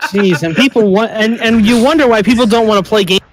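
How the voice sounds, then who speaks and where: A man's voice: sits high, fast talker. A man chatting as a teammate during a game, laughing often and using mild exclamations. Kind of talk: casual gameplay chat.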